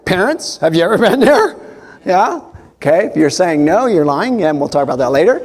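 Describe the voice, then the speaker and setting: Animated male pastor preaching. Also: high-pitched, fairly quick. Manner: animated storytelling with quoted voices. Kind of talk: sermon. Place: church.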